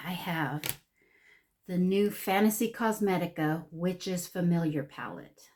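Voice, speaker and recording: A woman beauty vlogger chats her way through an unboxing, gushing and excitable, saying things twice. Her voice sits fairly low for a woman, and she takes her time, speaking at an unhurried pace. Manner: gushing, excitable, repeats herself. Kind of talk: casual product unboxing vlog.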